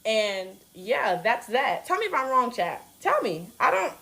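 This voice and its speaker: A woman's voice: a little high, very animated, unhurried, gravelly, bright, forceful tone. A woman telling a casual storytime to camera, sassy and unbothered.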